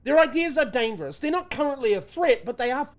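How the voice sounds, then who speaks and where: A New man with a fairly high voice rants his way through casual podcast banter. He is sarcastic and swears a lot, and his indignation is played half for laughs. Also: lively intonation, fast talker. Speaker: podcast co-host.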